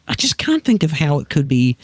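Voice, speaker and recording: A man's voice: fairly high pitch, wildly swooping pitch, fairly quick, darkish tone, dry recording. A man with an Australian accent hosting a casual podcast chat in a small caravan, playful and teasing. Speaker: podcast host.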